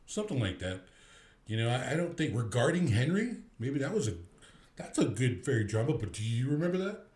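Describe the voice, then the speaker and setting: A man's voice: mid-range voice, big pitch swings, a little fast, darkish tone. Rambling man in an echoey room. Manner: rambling, frequent restarts and fillers. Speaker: movie review podcast host. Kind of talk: casual rambling chat.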